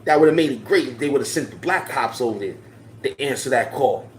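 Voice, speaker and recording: A man's voice: mid-range voice, animated, a little fast, a little hiss or hum. A man giving impassioned, slangy social commentary to his viewers, repeating his points for emphasis. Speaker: online commentator. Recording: roomy echo.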